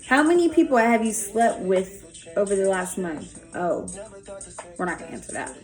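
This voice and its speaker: Young woman vlogger, candid, rambling Q&A chat, mid-pitched voice. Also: very animated, normal speed. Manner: chatty and candid, lots of "like". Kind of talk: casual Q&A vlog. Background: faint music early on.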